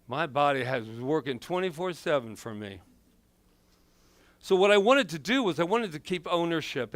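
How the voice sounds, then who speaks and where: Animated man preaching a sermon. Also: a little high, no room sound. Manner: animated, playful, acts out quotes. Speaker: minister. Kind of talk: sermon with personal storytelling.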